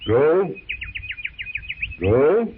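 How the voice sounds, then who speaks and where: A man's voice: on the high side, big pitch swings, extremely slow, narrow, tinny audio, heavily acted. An actor playing Tarzan, a strong jungle man who talks in broken single words, in an old radio serial. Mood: urgent. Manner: broken one-word speech. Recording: scratchy 1930s radio with hiss.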